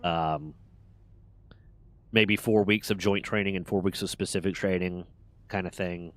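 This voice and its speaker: A man streaming a game, chatting casually and telling an animated story with a lot of swearing. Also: sits low, unhurried, no echo. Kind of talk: casual gaming chat.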